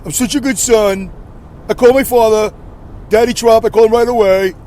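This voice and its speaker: A man's voice: very high-pitched, steady tone, normal speed, mellow, pitched above the performer's own voice. A man doing a boastful impression of a famous politician, bragging about himself in a sing-song way.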